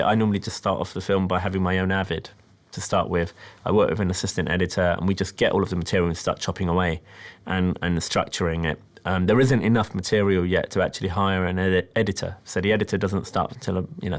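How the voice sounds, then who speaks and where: British guy, film director, lowish voice, thoughtful measured explaining. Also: steady tone. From Britain. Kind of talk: interview about his documentary.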